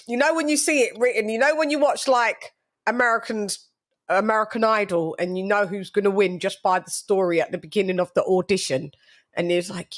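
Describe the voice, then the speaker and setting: A woman's voice: on the high side, brisk, a bit bright. A woman hosting a boxing podcast in casual, gossipy and blunt chat. She laughs often and repeats words as she talks.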